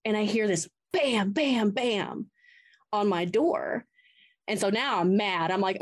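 A woman tells her own ghost story as a podcast guest, with a voice of middling pitch. She talks in an animated way and plays out her past words with feeling. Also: slow. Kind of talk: first-person ghost story told in an interview.

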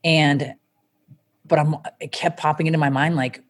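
A woman's voice: sits low, animated, moderate pace. A woman in her forties, an interview guest, telling her story candidly and bluntly, swearing freely.

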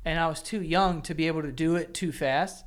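A man hosting a podcast in casual chat, loose and profane, quick to joke. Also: on the high side, steady tone, clear, resonant tone. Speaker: podcast host.

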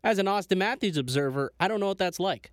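A man's voice: sits high, expressive, fast talker, dry recording, clean studio sound. A man hosting a podcast in casual chat, eagerly pressing his guest for stories. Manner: laughing, eager interviewer. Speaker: podcast host.

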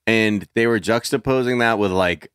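A man's voice: lowish voice, moderate pace, a bit bright, smooth, no echo, clean studio sound. A man co-hosting a podcast in casual, wry chat. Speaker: podcast co-host.

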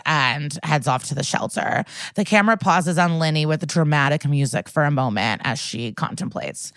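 A woman with a deep, fairly bright voice co-hosts a podcast, recapping a TV episode in a casual, chatty way. She swears often and says "like" a lot, and the recording has no room sound.

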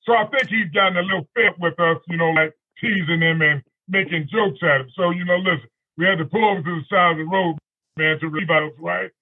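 A man's voice: sits high, a little fast, husky, narrow, tinny audio. A man telling a long anecdote as a guest on a radio talk show, rambling and peppering it with "you know" and "right?". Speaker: guest storyteller.

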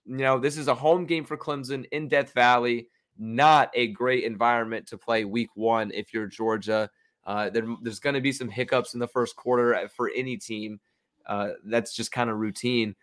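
A man's voice: mid-range voice, fairly even intonation, moderate pace, a bit bright. A young man hosting a sports betting podcast, talking through his picks in a chatty, confident, self-mocking way. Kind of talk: casual solo commentary.

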